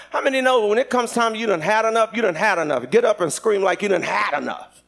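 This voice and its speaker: High-voiced animated male preacher. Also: quick pace, vocal fry. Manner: animated, shouting at peaks, laughing. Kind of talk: sermon.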